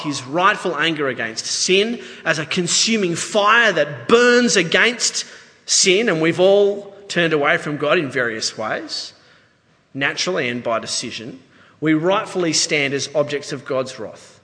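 Australian male pastor, high bright voice, conversational sermon, echoey church hall. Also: unhurried. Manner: conversational, animated preaching with asides.

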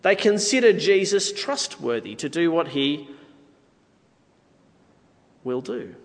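A man's voice: fairly high pitch, very animated, slow pace, big-room sound. A man preaching a sermon in a conversational, playful way, with asides to the audience.

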